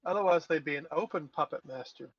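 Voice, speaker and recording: A man co-hosting a stream, chiming in with deadpan wisecracks. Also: a little high, fast, breathy edge, dry recording. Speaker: co-host. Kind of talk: casual chat on a stream. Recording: dry, dull lo-fi mic.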